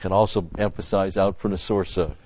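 A man's voice: low voice, fairly even intonation, fairly quick, darkish tone, no room sound. A man preaching a sermon-style Bible teaching in a conversational, folksy way, repeating key phrases. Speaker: pastor. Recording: dry, dull lo-fi sound.

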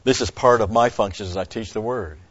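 A pastor teaching an expository Bible sermon, speaking deliberately and stopping to explain Greek word meanings. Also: male voice, on the low side, fairly bright tone, no echo, dull audio.

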